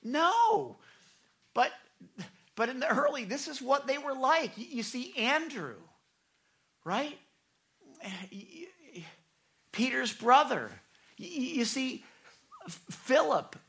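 A woman preaching a sermon in an animated way. She often stammers and repeats words, and she acts out the people she quotes. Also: sits high, takes it slowly, pauses often.

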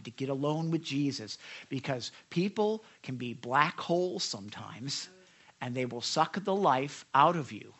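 A man's voice: medium pitch, fairly bright tone. A man preaching a sermon, talking conversationally, asking the congregation questions and acting out quoted voices. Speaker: pastor.

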